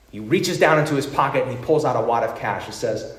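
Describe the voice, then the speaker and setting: A male pastor preaching a sermon, telling stories with wide swings between emphatic lines and hushed ones. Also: mid-range voice, huge pitch swings, brisk, roomy sound.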